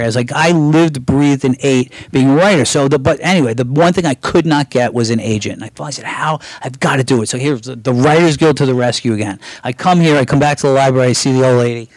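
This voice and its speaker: Animated Brooklyn man telling stories. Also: on the high side, no echo, low-quality recording. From Brooklyn, New York. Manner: animated storyteller, acts out quoted voices, swears casually. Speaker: guest screenwriter. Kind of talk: candid storytelling interview.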